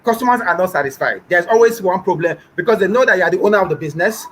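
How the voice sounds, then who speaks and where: This is a young Nigerian man with a Nigerian accent, pitched high for a man. He talks emphatically in an interview, repeating his points and acting out customers' lines. A faint hiss sits under his voice. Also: lively intonation, rapid-fire, low-quality recording. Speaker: business owner guest. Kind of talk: animated interview talk.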